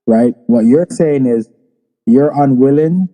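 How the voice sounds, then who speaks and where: A man's voice: mid-range voice, takes it slowly, dark tone, in a large hall. A man on a casual podcast panel, probing with challenging questions.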